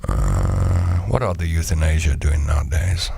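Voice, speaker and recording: With a rumbling low, gravelly yet mellow voice, the South African man sounds very animated but unhurried, against slight background noise. He runs a casual solo chat show, reading listener messages with playful jokes and rambling tangents.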